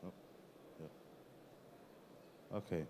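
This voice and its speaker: A man's voice: very slow, mellow. A man in his forties with an Israeli accent, giving an informal, self-deprecating startup conference talk with frequent fillers. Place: conference startup stage in a large hall. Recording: long hall reverb from the venue.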